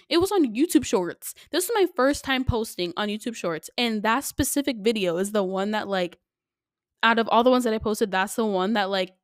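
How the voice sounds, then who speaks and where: A young woman hosting a casual solo podcast, chatty and animated, filling her talk with "like". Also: a little high, dry recording, studio quality. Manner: chatty and animated, lots of "like" fillers. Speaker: podcast host.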